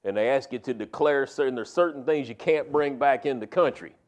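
A man preaching in a relaxed, down-home way, his voice sitting at an ordinary middle pitch. He leans on key phrases and pushes up into loud, emphatic peaks to drive home a point. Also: a little fast. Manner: folksy, emphatic preaching with rising, punchy climaxes. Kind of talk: sermon.

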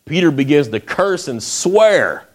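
A man preaching a sermon, retelling the story in a folksy way with acted quotes, often dropping to a hush. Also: a little high, big pitch swings, measured pace.

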